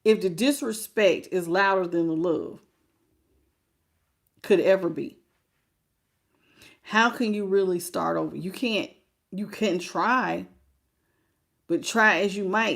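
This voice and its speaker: A woman's voice: fairly low pitch, a little slow, vocal fry, long pauses. Chatty woman doing a live tarot reading. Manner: chatty, greets viewers by name, frank and folksy; calls viewers baby, talks straight to them. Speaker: tarot reader.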